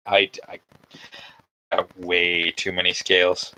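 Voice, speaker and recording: A cosplay maker livestreams while building a costume by hand, chatting casually as he works. His low, fairly even voice is pushed and bright at normal speed, rambling with lots of fillers, over a low-quality recording.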